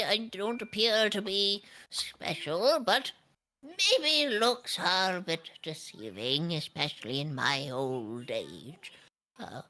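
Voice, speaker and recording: A game master voicing a frail, senile old woman in her eighties who talks in a slow, quavering, sweetly condescending way. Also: medium pitch, bright, forceful tone. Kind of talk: tabletop role-play voice.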